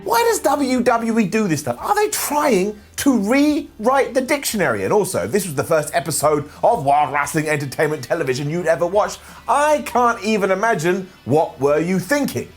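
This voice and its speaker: A man's voice: high voice, normal speed, few pauses, husky, soft background music. A man hosting a comedic wrestling recap, sarcastic and jokey, who mentions nursing a scratched eye. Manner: sarcastic, jokey, animated, with silly put-on voices. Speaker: wrestling show recap host.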